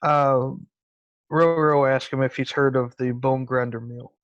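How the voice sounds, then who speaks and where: A man playing a tabletop role-playing game, speaking quietly and hesitantly. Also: medium pitch, steady tone, a little slow, no room sound, dull audio. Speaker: player.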